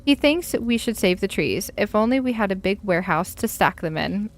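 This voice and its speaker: A woman voicing a gentle merchant from a fantasy game who talks about himself in the third person. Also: medium pitch, lively intonation, normal speed, natural voice. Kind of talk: reading a game letter aloud.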